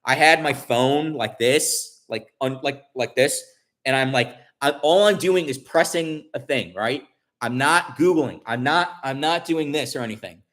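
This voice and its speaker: A man's voice: medium pitch, fairly bright tone. A man vlogger telling a story in casual chat, rambling with many restarts and fillers, and swearing when upset.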